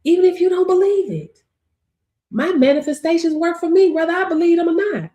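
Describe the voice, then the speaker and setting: A woman's voice: very high voice, brisk, warm tone. A woman hosting a motivational livestream, talking to viewers in a preachy way and laughing often. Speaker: livestream host.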